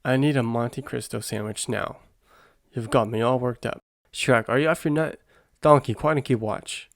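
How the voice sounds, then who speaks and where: A man voicing a chatty, jittery male donkey in a whispered role-play, rambling and quick. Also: mid-range voice, steady tone, no room sound, studio quality, natural voice. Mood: mouthy.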